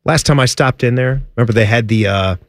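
A man's voice: medium pitch, fairly quick, no echo, studio quality. Playful man hosting a comedy chat. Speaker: show host.

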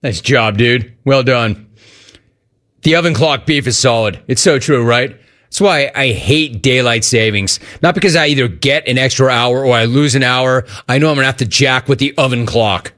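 A man's voice: mid-range voice, normal speed, fairly bright tone. A man hosting a call-in radio show, joking and riffing between callers. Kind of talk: casual talk radio hosting.

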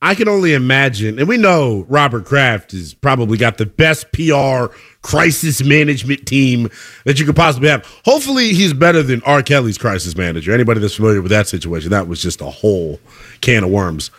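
Man, sports talk co-host, lively swooping voice, bright, emphatic. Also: mid-range voice, fairly quick. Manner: animated, emphatic, repeats himself. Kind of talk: casual sports debate.

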